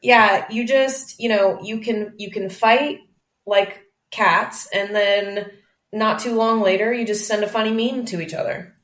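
A young woman hosting a casual chat, telling stories with lively amusement. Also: mid-range voice, measured pace, reverberant. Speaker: host.

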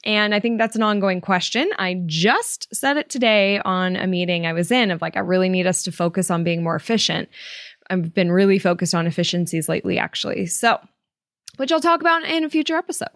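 A young woman hosting a podcast, telling a story in a casual, animated way, laughing often and acting out quotes in high voices. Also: brisk, dry recording, studio quality. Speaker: podcast host.

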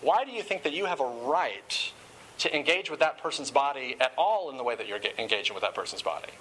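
A man's voice: mid-range voice, animated, fast, a bit bright, a little hiss or hum, low-quality recording. A man giving a sermon-style talk, often repeating words as he starts phrases.

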